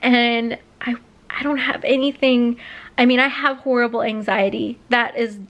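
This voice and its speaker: A woman's voice: fairly high pitch, steady tone, moderate pace, a bit bright, lo-fi sound. A woman in her late twenties telling a personal story on her vlog, rambling with many fillers and close to tears. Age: late 20s. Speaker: vlogger.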